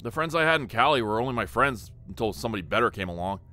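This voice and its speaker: A drowsy, slurring young surfer type with a thick Southern Californian drawl, as a male narrator puts him on. The voice is bright and forward, and soft music plays faintly beneath it. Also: mid-range voice, expressive, racing. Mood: mournful.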